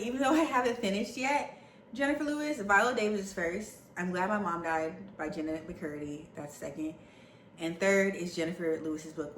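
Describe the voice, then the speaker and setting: A young woman vlogging casually about books, chatty and animated, often saying "y'all.". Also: medium pitch. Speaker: book vlogger. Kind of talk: casual chat. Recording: echoey room, faint background hum.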